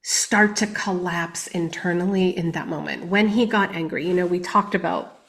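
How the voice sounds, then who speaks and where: A woman giving candid personal testimony as a guest on a podcast interview, reflective and often speaking quietly. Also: on the low side, normal speed.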